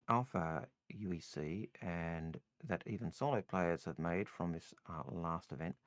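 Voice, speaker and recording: Male co-host, very deep voice, laid-back, reads the chat questions. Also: dry recording. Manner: reads viewer questions aloud, brief agreeing replies. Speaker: co-host reading viewer questions. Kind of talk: casual podcast chat.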